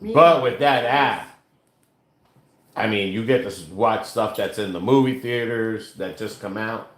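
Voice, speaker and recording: A man co-hosting a casual home livestream, explaining things slowly with halting fillers while reading out viewer comments. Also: lowish voice, a bit bright. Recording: echoey room.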